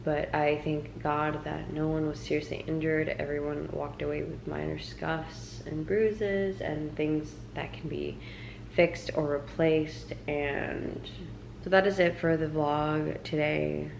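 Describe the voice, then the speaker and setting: Low, gravelly-voiced young woman vlogger. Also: level tone, takes it slowly, reverberant, background noise. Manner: breathless retelling, many fillers; quiet, subdued retelling. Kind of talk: storytime vlog.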